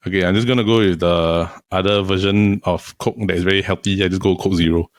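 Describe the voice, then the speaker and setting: A man's voice: low voice, fairly even intonation, quick pace, no echo. A man from Singapore with a Singaporean English accent, earnestly explaining his views in a casual podcast chat. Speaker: podcast co-host.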